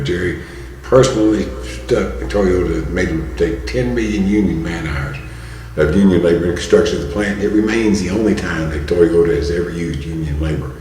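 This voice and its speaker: Deep-voiced man in his sixties, rambling. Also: a little mellow. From Kentucky. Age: 60s. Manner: rambling with many fillers and restarts. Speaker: guest. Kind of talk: storytelling in casual talk. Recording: roomy hall with long reverb, faint noise.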